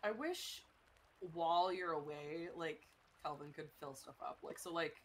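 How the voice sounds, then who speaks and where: A woman co-streaming a game, relaxed and jokey, often saying "like". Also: low voice, unhurried. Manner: relaxed, jokey, says "like" a lot. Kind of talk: casual gameplay chat.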